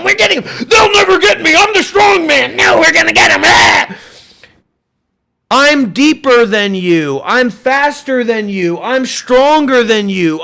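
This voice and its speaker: A man's voice: extremely high pitch, a bit bright. A man hosting a livestream, ranting in an intense, profane and combative way. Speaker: livestream host, former monk. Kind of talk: livestream rant.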